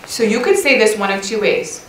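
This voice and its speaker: A middle-aged woman giving a lively, chatty talk at a women's church conference session, often laughing and acting out little quoted lines. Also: mid-range voice, fairly quick, a little hiss or hum. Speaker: conference speaker. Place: church hall. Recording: echoey church hall recorded from far off.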